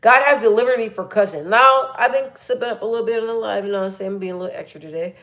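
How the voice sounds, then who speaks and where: A woman's voice: fairly high pitch, rapid-fire, fairly bright tone. A young woman chatting casually on a livestream, reading viewer comments aloud and laughing often. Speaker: livestream host.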